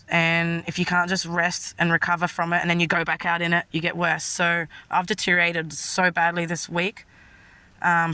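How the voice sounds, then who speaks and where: A woman's voice: lowish voice, fairly bright tone, clear, resonant tone, no room sound. An Australian woman giving a rambling, distressed, frank personal monologue. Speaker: vlogger.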